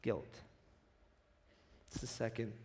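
A man's voice: slow pace, a little hiss or hum. A man pastor preaching a sermon, telling stories and acting out the voices in them. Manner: animated storytelling, acts out quoted voices.

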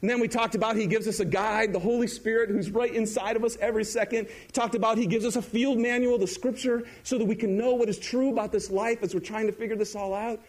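Male pastor, middle-aged, bright high voice, lively conversational sermon that keeps questioning the audience. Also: fast talker, hardly any pauses.

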